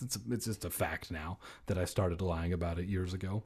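A man's voice: low voice, fairly even intonation, moderate pace, darkish tone, breathy edge. A man reading a spooky children's book aloud with sarcastic, mocking asides. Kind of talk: comedic read-aloud with commentary.

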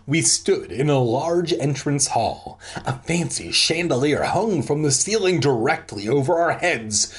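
A reader casually reading a spooky book aloud, adding jokey, irreverent asides. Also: mid-range voice.

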